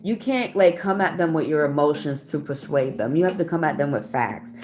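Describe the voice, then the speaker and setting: A woman's voice: low-pitched, expressive, a little fast, darkish tone. Blunt, heated woman reading tarot. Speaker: tarot reader. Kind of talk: live-stream tarot reading.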